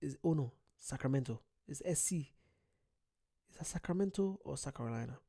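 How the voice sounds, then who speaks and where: A young Irish man chats loosely through a livestream, with a mellow, warm tone. He reads viewer comments aloud and rambles. His jokes are at his own expense. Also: mid-range voice, expressive, a little fast, vocal fry, slightly rough. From Ireland. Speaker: streamer. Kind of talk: casual livestream chat.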